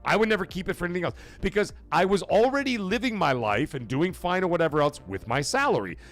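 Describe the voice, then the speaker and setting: Animated, blunt male stream host. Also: sits high, quick pace, soft background music. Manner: animated, blunt and profane, talks straight to chat. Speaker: livestream show host. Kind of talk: casual live-stream chat.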